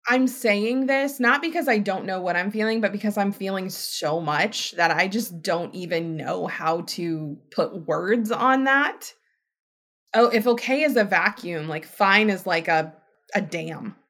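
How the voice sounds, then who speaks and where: A woman's voice: mid-range voice, fairly bright tone. A woman in her thirties hosting a podcast, talking casually and animatedly and often checking in with "right?". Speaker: podcast host. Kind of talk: casual solo podcast talk.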